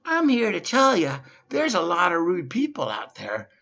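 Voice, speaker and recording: A male stand-up comedian delivers a monologue of silly stories in a slow, simple-minded persona. His voice sits high and creaky with a sharp tone, and his pitch swoops wildly. The recording sounds dull and lo-fi.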